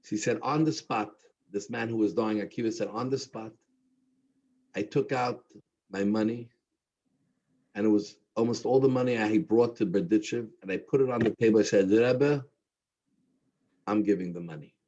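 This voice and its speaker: Husky man telling a story. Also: moderate pace, long pauses. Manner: animated, voicing characters with rising pitch. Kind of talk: storytelling at a Havdalah gathering. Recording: dull lo-fi recording.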